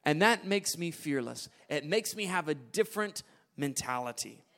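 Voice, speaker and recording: A high-pitched man preaches a sermon. He drops into hushed, low asides, then surges into loud, emphatic declarations. He often repeats and restarts his phrases as he builds a point. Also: expressive, normal speed.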